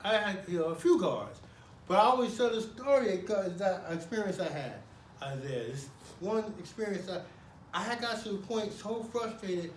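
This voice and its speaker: Guy telling a story in a big echoey hall, high voice, goes loud and acts stuff out, mic kinda far. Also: moderate pace, a little hiss or hum. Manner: animated, acts out guards and himself with loud shouted bursts. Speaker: storyteller recounting his prison years. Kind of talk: spoken personal storytelling to a live audience. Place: talk at a college hall. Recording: roomy hall, mic at a distance.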